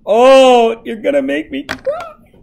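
A man putting on a tearful, overemotional award speech in a high mock-sobbing voice. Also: wildly swooping pitch, slow, gravelly, a little mellow, slight background noise, heavily acted. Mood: mock crying. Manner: squealing falsetto, mock sobbing.

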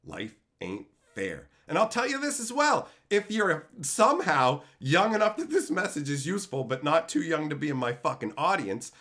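A man's voice: a little high, moderate pace, few pauses. Foul-mouthed man ranting on a stream. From Canada. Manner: swears freely, animated and bragging, swings from loud to mumbled. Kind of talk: crude comedic rant on a live stream.

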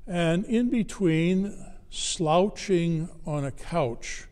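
A man preaching a sermon, telling a story slowly and deliberately with long pauses. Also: fairly high pitch, animated, darkish tone. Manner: slow, measured storytelling with dramatic pauses. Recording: long hall reverb.

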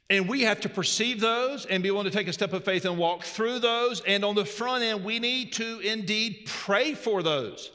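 A man's voice: sits high, moderate pace, hardly any pauses. Guy preaching a sermon, earnest, big echoey hall. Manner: emphatic preaching that drops to quiet storytelling. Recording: long hall reverb.

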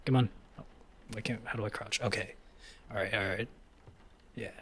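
A man giving casual commentary on a horror game playthrough. He curses a lot and jokes, and at times he taunts the game's monster in a loud, high voice. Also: level tone, moderate pace, a little hiss or hum. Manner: profane, taunting, joking. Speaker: gaming YouTuber. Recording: game music behind the voice.

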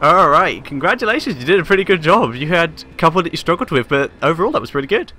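Bright-voiced young male host, teasing. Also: a little high, big pitch swings, fast, slight background noise. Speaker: show host. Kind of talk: casual chat.

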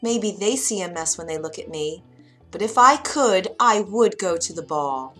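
A woman storyteller voicing Cinderella, a kind, mistreated young girl, in a sweet, high voice for a bedtime storybook. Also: lively intonation, measured pace, a bit bright, soft background music. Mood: wistful.

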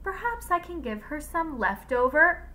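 Woman doing a prim polite butler, formal and bright. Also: sits high, sing-song, unhurried, voice pushed up, heavily acted. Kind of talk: read-aloud storybook voices.

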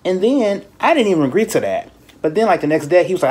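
A man hosting a podcast in casual chat, telling stories in an animated, profane way and mimicking people in high voices. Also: quick pace, husky. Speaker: podcast host.

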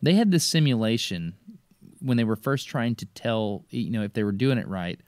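A man, an excitable podcast host eagerly explaining things in casual chat. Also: mid-range voice, moderate pace, no room sound, clean studio sound.

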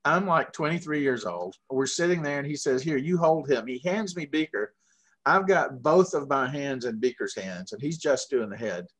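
A middle-aged man from Georgia with a Southern accent, telling long, animated anecdotes full of fillers in a casual interview. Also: medium pitch, normal speed. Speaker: guest puppeteer.

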